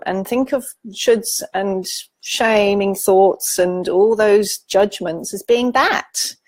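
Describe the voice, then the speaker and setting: A woman's voice: medium pitch, darkish tone, no room sound. A woman psychologist giving a casual spoken lesson to viewers, thinking aloud and speaking emphatically. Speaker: psychologist teaching emotional self-care.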